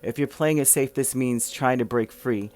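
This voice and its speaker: A man's voice: mid-range voice, moderate pace, a little mellow. A man talks his way through a tarot reading in a loose, rambling monologue. His voice sits in a middle register for a man, and he keeps circling back with fillers and restarts as he explains the cards. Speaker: tarot reader.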